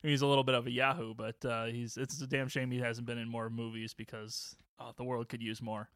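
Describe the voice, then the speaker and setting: A man's voice: mid-range voice, level tone, a little fast, a bit bright, no room sound, studio quality. A man co-hosting a casual movie podcast, rambling with many restarts and frequent chuckles. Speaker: podcast co-host.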